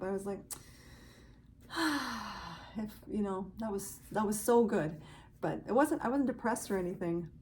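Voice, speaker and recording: Woman, knitting podcast host, casual chat, gushing, mid-pitched voice, faint hum behind. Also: a little mellow. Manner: chatty, gushing and grateful.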